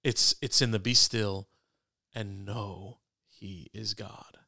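A man talks casually about faith as a podcast co-host, his voice gravelly with a bright, forward edge. He is self-deprecating and conversational, often restarting his sentences. The sound is close and dry. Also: on the low side, steady tone, takes it slowly, no room sound.

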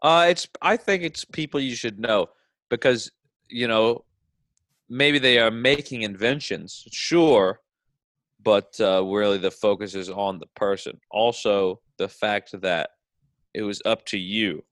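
Deadpan wry podcast co-host man. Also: on the low side, a little slow, no echo, clean studio sound. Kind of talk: casual chat.

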